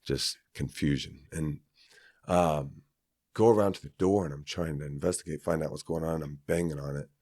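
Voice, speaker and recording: A man's voice: rumbling low, fairly even intonation, moderate pace, a little mellow, no echo, studio quality. A man from Kansas, a podcast guest, telling a personal story in a rambling, casual way with many fillers and restarts.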